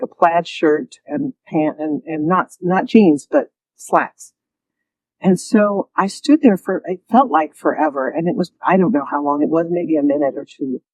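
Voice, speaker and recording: A woman telling her own story as an interview guest, lively and often laughing, acting out the voices she quotes. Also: lowish voice, no echo, low-quality recording.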